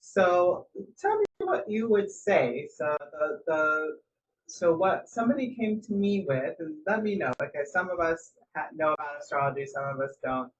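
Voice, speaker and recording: Woman, podcast co-host, chatty and rambling, dull sound, faint hiss. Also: deep voice. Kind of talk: casual chat.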